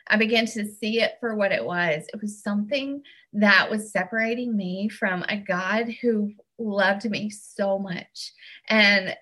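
A woman's voice: medium pitch, a little slow, bright, forceful tone. A woman giving a personal faith testimony, earnest and heartfelt, sometimes restarting her words. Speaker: church member giving testimony.

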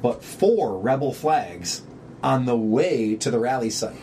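Man, podcast co-host, casual chat, sarcastic, profane, rambling, mid pitch, faint hiss. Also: lively intonation, slow, mellow.

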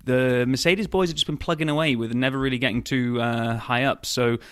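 A man's voice: medium pitch, steady tone, fairly quick, fairly bright tone, clean tone, no room sound, studio quality. Chatty man hosting a podcast. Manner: upbeat, many fillers and restarts. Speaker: podcast host. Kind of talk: casual chat.

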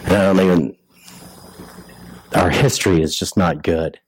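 A man's voice: low voice, moderate pace, low-quality recording. A man preaching a sermon in a conversational way, full of rhetorical questions and restarts. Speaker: pastor.

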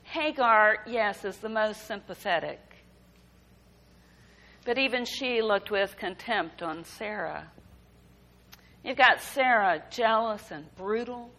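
Woman preacher, slow measured sermon voice, leans into the big lines. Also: medium pitch, pushed and bright, low-quality recording. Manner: slow, deliberate preaching with emphatic rises.

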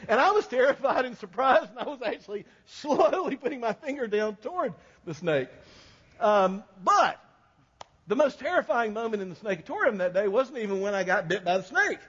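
High-voiced folksy male preacher. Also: sing-song, moderate pace, a bit bright, slightly rough. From American South. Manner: folksy storytelling, jokes with congregation. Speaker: pastor. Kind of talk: sermon. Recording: long hall reverb, dull sound.

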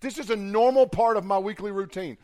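Guy preaching, high voice, lively funny storytelling that gets loud then quiet. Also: fairly quick. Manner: animated, comic storytelling with swings in volume. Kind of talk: storytelling sermon.

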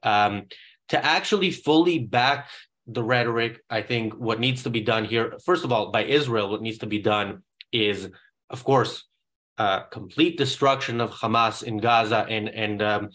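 A man hosting political commentary, talking in a halting way with many pauses and restarts. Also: fairly low pitch, fairly bright tone. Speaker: show host.

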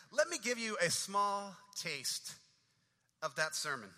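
A man's voice: sits high, very animated, slow pace, pushed and bright. A man preaching a sermon, building dramatic rhythmic refrains that swell and fall. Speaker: pastor. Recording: long reverb of a large hall.

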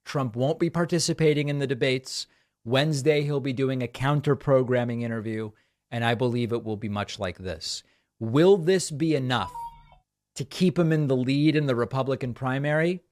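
A man's voice: medium pitch, normal speed, darkish tone. A man hosting a podcast, delivering sarcastic, cutting political commentary. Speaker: podcast host.

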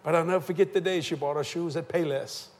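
A man's voice: a little high, fairly even intonation, fast. An older man preaching a sermon, folksy and joking as he tells stories. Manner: folksy, joking, southern-tinged church talk. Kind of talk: sermon with storytelling and humor.

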